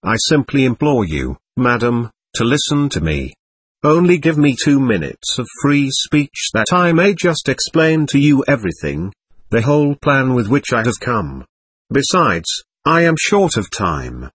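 A man voicing a desperate, nervous young man who pleads frantically and overly politely, with a husky voice. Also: mid-range voice, very animated, normal speed, fairly bright tone, no echo, clean studio sound. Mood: pleading.

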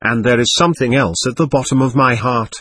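A man reading an excitable, slightly drunk man under interrogation, who pleads nervously and repeats himself. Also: mid-range voice, brisk, breathy edge, no echo. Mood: insistent. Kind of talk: audiobook reading.

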